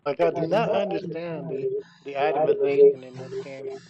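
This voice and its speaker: A man's voice: on the high side, huge pitch swings, normal speed. Gamer guy kinda hesitant, voice sorta muffled, lots of crowd noise behind. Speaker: gamer in a group. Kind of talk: casual voice chat while gaming. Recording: dull voice chat with crowd noise.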